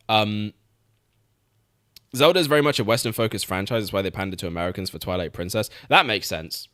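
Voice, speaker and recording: A man's voice: lowish voice, normal speed, pauses often, fairly bright tone, no echo, studio quality. A young man streaming, chatting casually about games, swearing freely and laughing often. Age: young adult. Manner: laid-back, swears, laughs often, repeats words.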